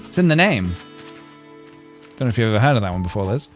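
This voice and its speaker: A man's voice: fairly low pitch, big pitch swings, fast, soft background music. A man, streaming a game and chatting casually in a playful, rambling way full of jokes and fillers. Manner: playful, jokey, rambling with frequent laughs and fillers. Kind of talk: casual gameplay livestream chat.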